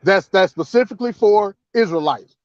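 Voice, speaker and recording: A panelist man stepping in to calm things down, halting, with many fillers as he restates a point. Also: high-pitched, dry recording, lo-fi sound. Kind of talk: panel moderation.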